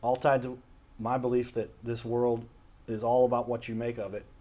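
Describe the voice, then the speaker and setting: A man's voice: mid-range voice, level tone, normal speed, warm tone. A man hosting his own show, talking casually and earnestly to his camera in a home studio, often stopping to correct himself. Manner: rambling, earnest, self-correcting. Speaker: show host. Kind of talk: casual solo talk to camera. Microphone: camera mic, self-recorded.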